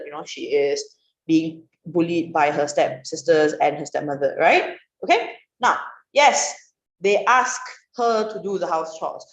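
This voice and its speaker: A woman teaching an online writing class, questioning students and praising their answers in a lively way. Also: medium pitch. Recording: roomy, dull online class audio.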